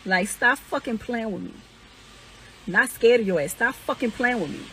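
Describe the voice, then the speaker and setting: A woman's voice: fairly high pitch, normal speed, fairly bright tone, a little hiss or hum, poor audio. A young woman venting heatedly and profanely, indignant and repeating herself. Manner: indignant, repetitive, swears constantly, rising to incredulous peaks. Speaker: woman airing accusations against an ex.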